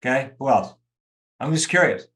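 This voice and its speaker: A man's voice: mid-range voice, expressive, moderate pace, a bit bright. A man coaching a group over a video call, talking emphatically and straight to his students. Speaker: real estate coach.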